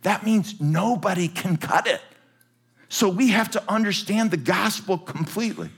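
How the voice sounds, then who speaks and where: A man preaching a sermon to a church congregation, animated and jokey. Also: sits high, moderate pace, breathy edge. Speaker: pastor. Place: large church with balcony.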